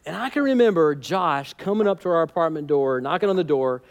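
Male pastor, high pitch, casual humorous sermon delivery. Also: animated, brisk. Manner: conversational, humorous, emphatic.

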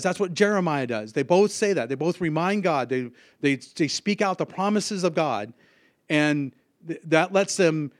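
A man giving an informal sermon, earnest and halting, with many restarts. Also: on the high side, dry recording, clean studio sound. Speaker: lay preacher.

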